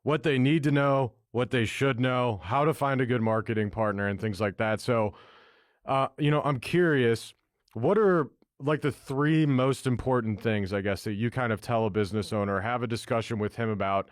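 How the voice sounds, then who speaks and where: A man's voice: medium pitch, normal speed, no room sound, studio quality. A man hosting a podcast in casual chat, brash and loose, with some swearing. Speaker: podcast host.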